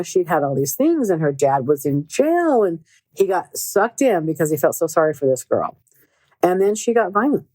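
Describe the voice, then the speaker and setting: Middle-aged female host, low-pitched, earnest and emphatic, in a dry booth sound. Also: darkish tone, dry recording. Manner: earnest, emphatic, repeats words for stress. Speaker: podcast host and relationship coach. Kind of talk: casual storytelling monologue.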